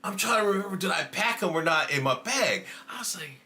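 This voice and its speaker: Bright, lively man chatting on stream. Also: sits high, brisk. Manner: animated storytelling with laughs; snacking and chewing while talking. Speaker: show host. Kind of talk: casual livestream chat.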